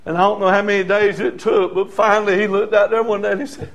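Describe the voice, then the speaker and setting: High-voiced fervent preacher. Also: male voice, level tone, fast, few pauses, fairly bright tone. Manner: fervent, calls for amens. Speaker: pastor. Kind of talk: sermon.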